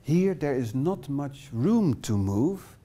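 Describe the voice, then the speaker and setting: A man's voice: fairly high pitch, sing-song, slow pace, warm tone. Dutch-accented man leading a workshop. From Netherlands. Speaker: workshop trainer. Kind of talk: live workshop presentation. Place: small classroom.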